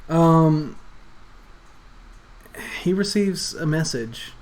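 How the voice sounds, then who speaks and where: A man narrating as game master in a loose, conversational way, often pausing with "uh" and "you know". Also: fairly high pitch, animated, darkish tone.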